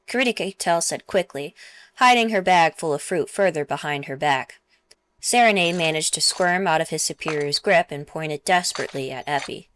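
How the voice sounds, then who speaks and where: A woman, the author, narrating her own novel in a steady, measured reading. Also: sits low. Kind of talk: audiobook narration.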